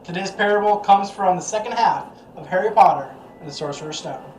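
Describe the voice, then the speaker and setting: A woman hosts a faith series and reads her devotional narration from a script. Her voice sits a little low, and she keeps her delivery clear and steady throughout. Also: a little fast.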